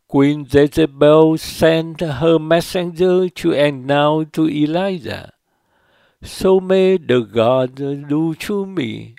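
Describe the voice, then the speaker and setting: A man preacher reading a scripted homily in a slow, measured way with awkward phrasing. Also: a little high, vocal fry, a little mellow, clean tone, no room sound.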